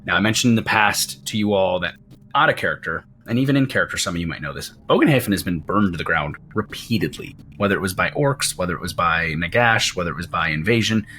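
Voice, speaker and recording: A man running a tabletop game as game master, narrating in a relaxed, joking way. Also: sits low, fast, a little hiss or hum.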